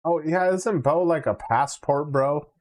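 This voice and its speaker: A man's voice: a little high, measured pace, a little mellow. A man hosting a casual livestream, reacting with laid-back, profane commentary and laughs. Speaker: livestream host.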